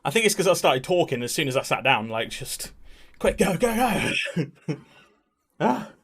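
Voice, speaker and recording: A man's voice: mid-range voice, sing-song, moderate pace, fairly bright tone. A young man chatting casually to his live-stream chat while slightly out of breath, greeting viewers by name and swearing now and then. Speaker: game streamer.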